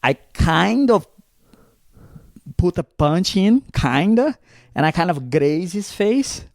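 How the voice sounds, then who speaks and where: A young man from Brazil co-hosting a podcast, telling a story in a casual, animated way, acting out the people in it and swearing freely. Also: sits high, slow pace, vocal fry, no room sound, clean studio sound. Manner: animated, acts out quoted voices, swears freely. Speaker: podcast co-host.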